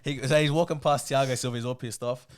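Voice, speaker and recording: A man's voice: mid-range voice, fairly even intonation, fast talker, clear, resonant tone, dry recording, studio quality. Laid-back man, slangy banter. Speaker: podcast co-host. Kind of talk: casual football chat.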